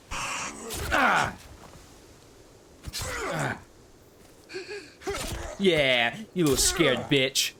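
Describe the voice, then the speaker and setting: Excitable man yelling through gameplay. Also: on the high side, very slow, vocal fry, pauses often, slight background noise. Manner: excitable, yelling and cursing at enemies. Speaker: gaming YouTuber. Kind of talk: live gameplay commentary. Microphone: desk condenser mic.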